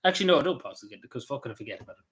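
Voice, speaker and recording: A man's voice: mid-range voice, big pitch swings, very fast, fairly bright tone, breathy edge. A man with a Cavan Irish accent, chatting casually to his viewers on a livestream in a rambling way, with many restarts and fillers. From Ireland. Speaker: vlogger.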